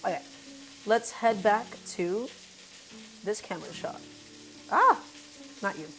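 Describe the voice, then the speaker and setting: A woman's voice: medium pitch, measured pace, a little mellow. A woman hosting a casual cooking live stream, talking through each step and greeting her viewers by name. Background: faint music and sizzling pan.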